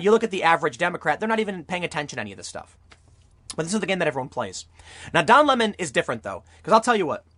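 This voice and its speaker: A man's voice: a little high, fairly bright tone, no echo. A young man delivering an argumentative opinion monologue as a political commentary YouTuber, full of rhetorical questions.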